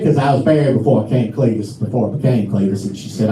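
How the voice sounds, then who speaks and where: A man's voice: medium pitch, quick pace, warm tone, slight background noise. A middle-aged man with a Southern US accent, performing live stand-up as a folksy, drawling storyteller. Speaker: stand-up comedian. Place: live comedy venue. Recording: roomy live room from a distance, faint ambience.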